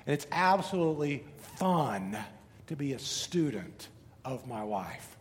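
A middle-aged man preaching a sermon as pastor, telling animated stories and asking rhetorical questions, often repeating words. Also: medium pitch, a little slow. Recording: reverberant hall with faint noise.

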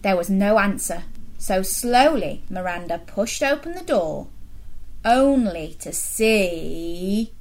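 A woman reading a story aloud for children, animated and pausing to ask them questions. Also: medium pitch, a little hiss or hum.

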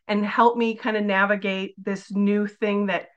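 A woman's voice: medium pitch, flat delivery, measured pace, dull audio. Chatty woman guest in her forties. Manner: chatty storyteller, many "like" fillers. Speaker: podcast guest. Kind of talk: casual interview chat.

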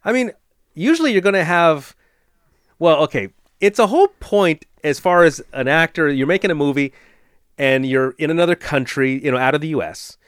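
A man's voice: a little high, animated, normal speed, a bit bright, clear, resonant tone, no room sound, clean studio sound. A man co-hosting a movie podcast, joking and playful. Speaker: podcast co-host. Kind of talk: casual chat.

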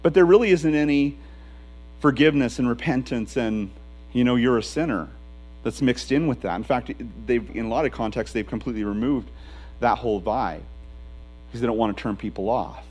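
A middle-aged male pastor preaching a sermon in a conversational, emphatic way, with a low hum behind him. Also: fairly quick, darkish tone, rough recording.

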